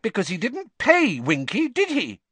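A man's voice: high-pitched, huge pitch swings, a little slow, a bit bright, husky, no room sound, pitched above the performer's own voice, full character voice. A man voicing an earnest teenage girl who speaks shrilly and indignantly.

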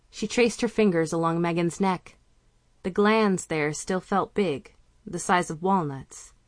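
A woman reading a novel aloud in calm, measured audiobook narration. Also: lowish voice, dry recording.

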